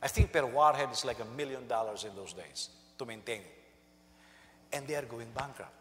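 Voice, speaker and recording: A male senior pastor preaching a sermon, animated and storytelling, who jumps into high voices to act out quotes. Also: a little fast, long reverb tail.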